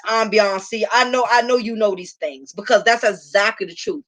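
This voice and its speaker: A woman's voice: fairly high pitch, fairly bright tone. A woman hosting a live show, telling a story to her audience in a brash, profane, sassy way. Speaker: host.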